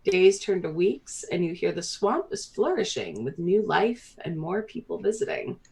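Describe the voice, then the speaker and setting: A woman narrating as game master of a tabletop game, animated and laughing often. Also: fairly low pitch, normal speed, creaky, rough recording.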